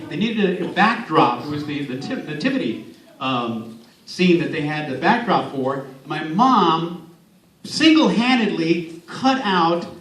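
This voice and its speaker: A man from San Antonio giving a motivational speech and telling stories with playful asides to the audience. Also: high voice. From San Antonio, Texas. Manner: warm storytelling with playful asides. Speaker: speaker, former radio host and voice actor. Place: large hall at an event. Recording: echoey hall from far off, faint ambience.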